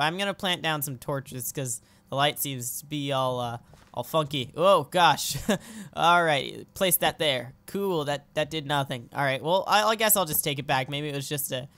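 A young adult let's play host giving goofy, excitable commentary over gameplay, often breaking into squeals. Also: mid-range voice.

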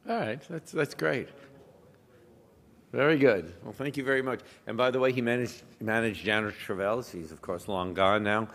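An American physician giving a conversational conference talk, telling anecdotes with asides, recorded in a lecture hall. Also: male voice, fairly low pitch, normal speed, fairly bright tone. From United States. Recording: long hall reverb.

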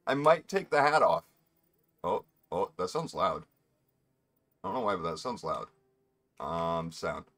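A man's voice: low-pitched, animated, unhurried, pauses often, a bit bright. A young man giving rambling, joking commentary while streaming a video game. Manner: rambling, joking asides to himself. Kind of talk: casual gameplay commentary.

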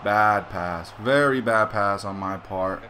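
A man's voice: fairly low pitch, slow pace, sharp tone. A young man playing a football video game, ranting and swearing in frustration. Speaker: gamer. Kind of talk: live gameplay commentary.

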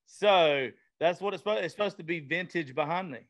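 Southern US man, podcast host, a bit high-pitched, blunt and profane. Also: brisk. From Southern United States. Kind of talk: casual chat. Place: vintage-themed studio.

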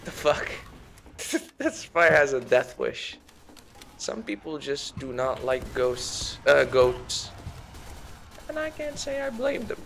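A man's voice: on the high side, sing-song, takes it slowly, creaky, pauses often, fairly bright tone, a little hiss or hum, heavily acted. A man doing a celebrity impression while commentating a game, meandering and self-mocking and easily sidetracked. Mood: rambling. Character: slow, gravelly, rambling celebrity-impression man.

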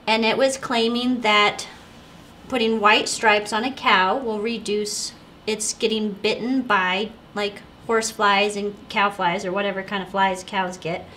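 A woman's voice: medium pitch, fairly even intonation, measured pace, bright, forceful tone, a little hiss or hum. A woman co-hosting a casual question show, chatty and giggly, telling rambling stories. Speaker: co-host of a store's question show. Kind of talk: casual chat.

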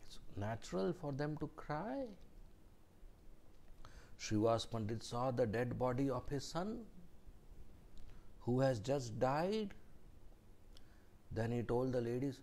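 A man tells a devotional story in a scripture class. His delivery is slow and deliberate. His voice sits fairly high, and he sometimes drops to a hush for emphasis. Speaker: speaker giving a scripture class.

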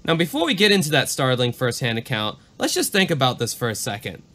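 A man's voice: medium pitch, quick pace. A man co-hosting a podcast, mixing casual chat with dramatic readings. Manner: animated, leaning into the creepy parts. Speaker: podcast co-host.

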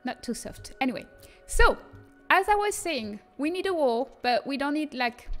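High-voiced French woman teaching on stream. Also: big pitch swings, moderate pace, soft background music. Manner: chatty, laughs often, reads chat aloud. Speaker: streamer teaching custom content. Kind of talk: casual livestream tutorial.

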